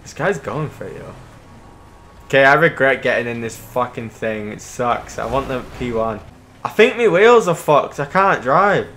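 A man hosting his own gaming channel, giving casual commentary while he plays, excitable and swearing freely as he shouts and laughs. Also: mid-range voice, normal speed, a little hiss or hum.

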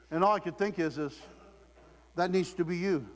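An Ohio preacher gives a sermon in a loose, humorous, conversational style, laughing often as he goes. His slightly high voice moves at normal speed and rings with the long reverb of a large hall.

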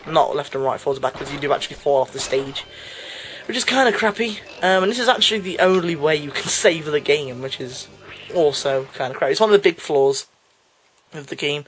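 A young man with a British accent chats his way through a game, wandering off topic and correcting himself mid-sentence. His voice sits a little high, and he often laughs at himself. Soft game music plays quietly behind him. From Britain. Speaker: let's play commentator. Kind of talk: casual gameplay commentary.

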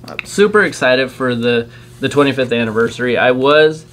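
A man's voice: mid-range voice, fairly quick, a bit bright. A man hosting a casual unboxing video. He chats eagerly and reels off card names as he opens packs. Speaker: channel host opening trading card packs. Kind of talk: casual chat while unboxing.

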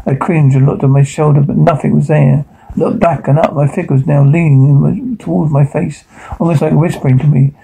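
A man reading a first-person horror story aloud, halting now and then with stumbles and restarts. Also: fairly high pitch, steady tone, vocal fry, warm tone, rough recording. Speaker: narrator.

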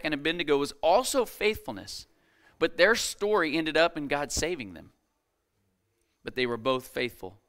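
A man preaching a sermon at a church service, his voice a little high and strikingly smooth and crisp. He is emphatic, repeating key phrases for weight and calling out to the congregation, and builds intensity as he reads scripture aloud. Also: bright, forceful tone. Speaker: guest preacher.

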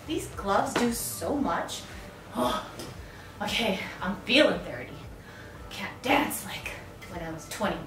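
A woman of thirty in a casual birthday vlog, gushing and gasping with excitement as she unpacks and tries on outfits. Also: mid-range voice, slow pace, background noise. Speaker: vlogger. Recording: echoey room, mic at a distance, loud music. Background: music.

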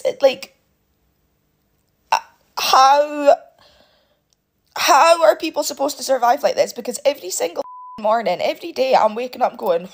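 A British woman pours out her money worries into a phone held at arm's length. Her voice is husky and swings widely in pitch, climbing as she gets worked up and clipping off her swear words. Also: animated, normal speed, a little mellow. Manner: upset, swears with clipped-off words, voice rising and breaking. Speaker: single parent venting. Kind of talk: emotional vent to camera.

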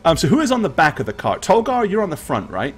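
A man's voice: a little high, huge pitch swings, fast. A man narrating as game master of a tabletop game, with rambling, filler-heavy speech.

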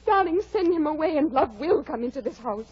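A desperate young wife, high-pitched, pleading, dull 1940s radio sound. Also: female voice, expressive, fairly quick, darkish tone. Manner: weary, then pleading and shrill. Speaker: Isabella.

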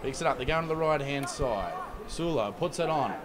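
Excitable man calling rugby league. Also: on the high side. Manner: rapid, excitable, jokey play-by-play. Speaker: play-by-play commentator. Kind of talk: live rugby league commentary. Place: commentary box at an outdoor ground. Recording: loud crowd and outdoor noise.

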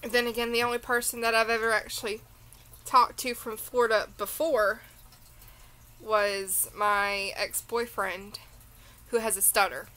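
A woman's voice: fairly high pitch, level tone, unhurried, bright, forceful tone, poor audio. A tired woman with a Southern accent, rambling through a casual beauty unboxing chat full of tangents. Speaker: beauty vlogger.

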